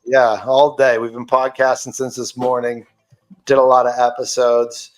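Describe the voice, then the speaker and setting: A podcast host, a man, retelling an online argument in a casual, animated and profane way. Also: mid-range voice, normal speed, reverberant, soft background music, poor audio. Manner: animated, profane, indignant storytelling.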